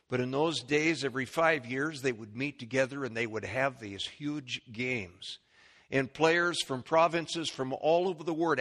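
A male preacher delivers a sermon from a church pulpit, his mid-pitched voice carrying a long hall reverb. He moves between hushed, low asides and sudden high, shouted peaks. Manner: swings from low murmur to high shouting when animated.

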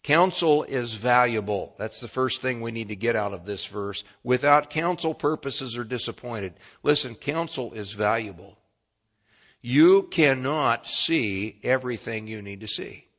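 A man preaching a sermon as pastor, emphatic and swinging between quiet and loud. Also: medium pitch, animated, measured pace. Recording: dull lo-fi recording.

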